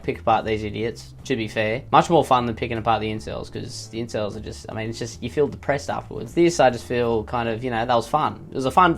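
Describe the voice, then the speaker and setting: A man's voice: mid-range voice, vocal fry. A man doing sarcastic, rambling comedy commentary as he reads out online posts. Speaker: YouTube commentator.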